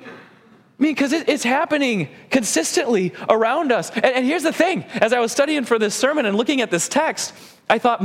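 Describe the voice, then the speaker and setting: A man preaching a sermon as pastor, earnest, moving between urgent emphasis and quiet, soft passages. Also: animated, moderate pace. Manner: earnest, swings between high urgent and low soft delivery. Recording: long hall reverb.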